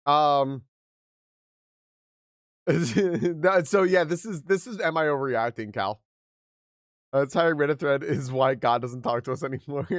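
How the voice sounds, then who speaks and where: A man's voice: fairly high pitch, a bit bright, no echo, studio quality. A young man hosting a livestream, reading a post aloud and reacting in casual chat, laughing often and restarting his sentences. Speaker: livestream host.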